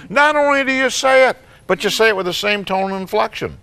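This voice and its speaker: A man's voice: high voice, big pitch swings, brisk, bright, forceful tone. An older man, a psychologist guest on a talk show, giving parenting advice in a folksy, joking way.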